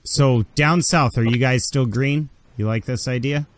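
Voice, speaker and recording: A man's voice: medium pitch, measured pace, dry recording. Dry-voiced man running a tabletop game. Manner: casual, profane, acts out side characters. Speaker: game master.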